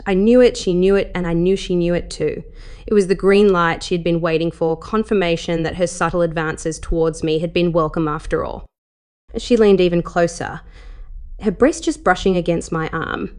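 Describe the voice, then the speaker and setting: A woman narrating a first-person erotic story in a soft, intimate delivery with breathless rises. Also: on the low side, smooth.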